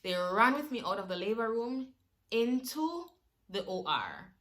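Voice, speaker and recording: A woman's voice: on the high side, unhurried. A young woman, emotionally retelling a personal story in a vlog. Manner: animated, emotional retelling with laughs. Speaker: vlogger.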